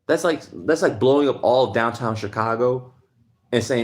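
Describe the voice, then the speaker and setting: A man's voice: lowish voice, fairly quick. A man hosting a livestream, ranting heatedly in a casual monologue and answering chat. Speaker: livestream host.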